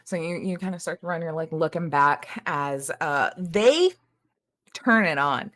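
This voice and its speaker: A woman's voice: deep voice, lively intonation, measured pace, a bit bright. A woman running a tabletop game as game master, describing scenes casually with many filler words.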